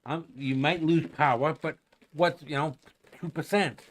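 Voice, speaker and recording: A man in casual chat who talks in a rambling, halting way, full of fillers and the odd curse word. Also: on the high side, steady tone.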